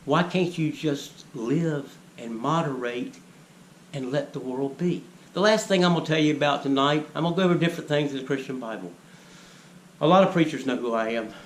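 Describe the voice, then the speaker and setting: A man's voice: mid-range voice, a little fast. A man giving a preachy monologue, lecturing the viewers and firing rhetorical questions at them. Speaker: vlogger. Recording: echoey room with faint ambient noise.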